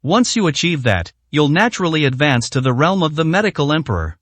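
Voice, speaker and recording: A man voicing a confident young male healer who calmly explains, in an audio storybook. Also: fairly high pitch, a little fast, no echo. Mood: explaining.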